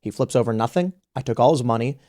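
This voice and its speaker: A man's voice: medium pitch, animated, fast, dark tone. A man hosting a podcast, telling a story in casual conversation and acting out the quoted exchanges, often restarting his sentences. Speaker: podcast host.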